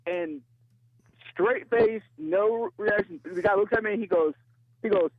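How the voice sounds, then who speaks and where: A man's voice: high voice, normal speed, no room sound. Man, radio caller, laughing storyteller, dull phone sound. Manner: laughs often, animated storytelling.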